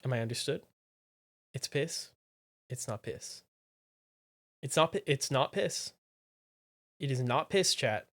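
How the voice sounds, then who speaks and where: A streamer chatting live with viewers in a playful, teasing way. The voice sits in a middle range and keeps swinging from low mumbled asides to sudden loud exclamations. Phrases get repeated as quick remarks to chat. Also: animated. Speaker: livestreamer.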